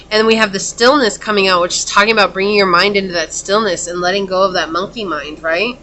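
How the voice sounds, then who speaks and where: A woman's voice: medium pitch, fairly even intonation, quick pace, hardly any pauses, pushed and bright, a little hiss or hum. A woman giving a casual pick-a-card tarot reading, talking earnestly and in a rambling way, with lots of "like" and "okay?". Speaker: tarot reader.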